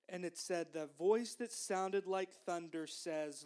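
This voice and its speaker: A woman giving a children's sermon, gently encouraging the children and asking them to repeat phrases after her. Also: mid-range voice, a little slow, hardly any pauses. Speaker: children's minister.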